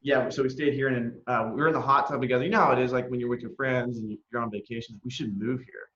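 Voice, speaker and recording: A young man telling stories as a podcast guest, animated and a little profane. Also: medium pitch, very fast, echoey room, lo-fi sound, slight background noise. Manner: animated, profane, acts out quotes. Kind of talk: casual storytelling in conversation.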